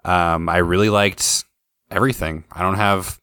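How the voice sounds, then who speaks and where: A man hosting a casual podcast chat, relaxed and swearing freely as he leads the ratings. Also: low voice, moderate pace, smooth, dry recording, studio quality. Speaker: podcast host.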